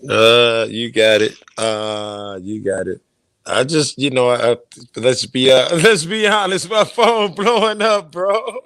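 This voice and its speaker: A man's voice: mid-range voice, takes it slowly, fairly bright tone, clean tone, dry recording. A man joining a live stream as a guest, speaking casually with hesitant fillers.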